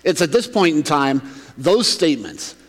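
A man preaching a relaxed, conversational sermon in a church sanctuary. His voice sits a little high for a man, and it carries a long reverb through the large hall. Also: normal speed. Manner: conversational, acts out townsfolk's reactions. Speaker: pastor.

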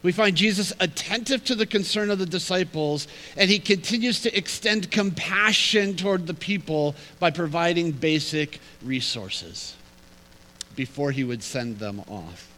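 A man preaching a sermon in an animated, humorous, conversational way. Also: fairly high pitch, a little slow, poor audio. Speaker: pastor.

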